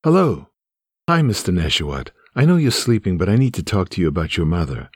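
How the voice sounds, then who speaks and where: A man's voice: deep voice, wildly swooping pitch, fairly quick, a little mellow, husky, dry recording, clean studio sound, full character voice. A man narrating a memoir voices an earnest male ER doctor who keeps reassuring a frightened son.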